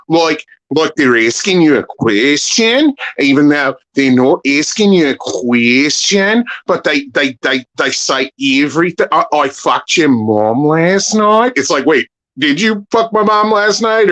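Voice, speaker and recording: High-voiced joking man. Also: a bit bright. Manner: rambling, joking, stammering restarts. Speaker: panel guest. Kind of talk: crude casual livestream banter.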